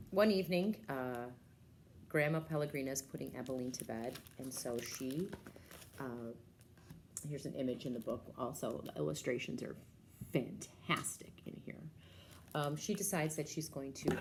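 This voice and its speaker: A woman's voice: deep voice, a little slow, pauses often, a little hiss or hum. A woman librarian giving a casual, enthusiastic book talk and retelling a story, with lots of ums and uhs.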